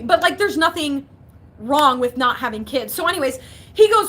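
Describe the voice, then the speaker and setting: A woman's voice: high voice, animated, a little fast, a bit bright. A young woman in casual livestream chat from her basement, chatty and giggly, reading out viewers' comments. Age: young adult. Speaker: vlogger.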